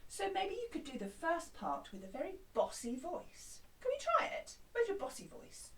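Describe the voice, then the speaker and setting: A woman music teacher giving a lively, encouraging lesson to young children, chanting along with them. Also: very high voice, moderate pace, distant mic. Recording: roomy, from off mic.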